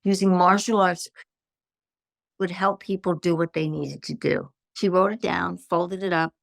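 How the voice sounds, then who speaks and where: An older woman tells her story as a podcast guest, slipping into the voices of the people she quotes. Her voice is low and heavily gravelly with lots of fry. The sound is close and dry, with no room around it. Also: unhurried, no echo. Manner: animated anecdotes with acted-out quotes. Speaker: guest, stress management consultant.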